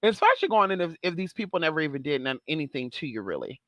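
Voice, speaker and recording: A sassy vlog host chats straight to camera, swearing freely and calling the audience "girl" and "honey". The voice is bright and forward, and the sound is dry and close with no room echo. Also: medium pitch, big pitch swings, fast talker. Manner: sassy, profane, chatty, calls viewers girl and honey. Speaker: channel host. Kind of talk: casual vlog commentary.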